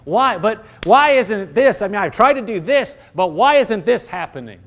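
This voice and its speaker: A middle-aged man delivers a sermon in a notably high voice. He talks emphatically, slipping into fervent acted-out prayers and declarations of faith. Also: lively intonation, moderate pace, a bit bright. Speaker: preacher.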